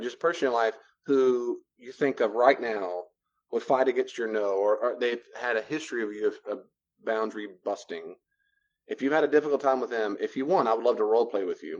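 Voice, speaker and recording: A man teaching a room full of people, his voice sitting in a middle pitch. The recording is dull and lo-fi. He lectures in an animated way, playing both people in short exchanges to make his points. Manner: animated, acts out both sides of dialogues. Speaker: counselor teaching a class. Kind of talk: classroom lecture with role-play examples.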